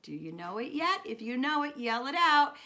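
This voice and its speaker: A woman speech teacher reading a guessing picture book to young children, animated and encouraging, with gasps and drawn-out words. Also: high voice. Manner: coaxing and encouraging, asking children questions.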